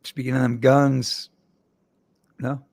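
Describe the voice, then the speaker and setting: A man's voice: medium pitch, level tone, takes it slowly, vocal fry, a little mellow, no echo. A man hosting a casual podcast, telling rambling jokey stories with his co-hosts. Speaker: host.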